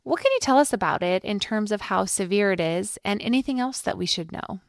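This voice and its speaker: Composed woman host, smooth voice. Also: mid-range voice, expressive, brisk, dry recording, studio quality. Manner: clear, composed, summarizing. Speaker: interview host. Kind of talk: scripted interview questions.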